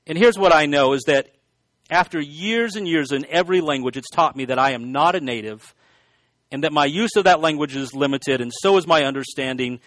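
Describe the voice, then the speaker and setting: Pastor guy, high-ish voice, chatty sermon, dry close mic. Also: fairly bright tone, no echo. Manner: conversational, self-deprecating asides, frequent restarts.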